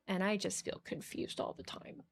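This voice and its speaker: A woman's voice: mid-range voice, level tone, normal speed, gravelly. A woman co-hosting a casual podcast chat, who rants emphatically and swears. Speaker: podcast co-host.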